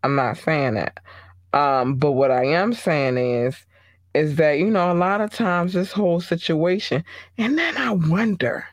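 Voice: mid-range voice, a little slow, no room sound. Chatty gossip podcast host, dry sound. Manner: chatty, rambling, uses slang and fillers. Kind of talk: casual celebrity gossip commentary.

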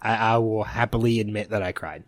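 A man's voice: fairly low pitch, fairly quick, dry recording. A man co-hosting a casual podcast, talking emotionally and rambling with frequent restarts. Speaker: podcast co-host. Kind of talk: casual chat.

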